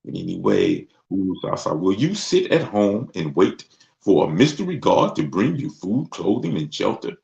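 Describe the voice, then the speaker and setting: Gravelly-voiced man talking loosely, lo-fi. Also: on the low side, huge pitch swings, moderate pace, a little mellow. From Mississippi. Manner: loose, conversational, acts out voices. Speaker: host. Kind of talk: casual livestream talk. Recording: dull lo-fi sound.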